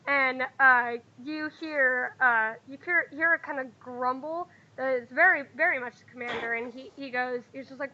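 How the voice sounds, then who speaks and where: A woman's voice: high voice, moderate pace, few pauses, bright, forceful tone, muffled recording. A young woman running a tabletop game as game master, narrating casually and rambling with lots of fillers.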